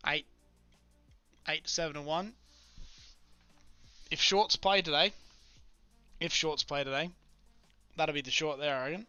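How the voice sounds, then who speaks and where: A man's voice: a little high, steady tone, measured pace, long pauses, pushed and bright, smooth, dry recording, highs cut off, soft background music. A man chatting casually through a live trading stream, muttering to himself about his charts. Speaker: live-streaming futures trader.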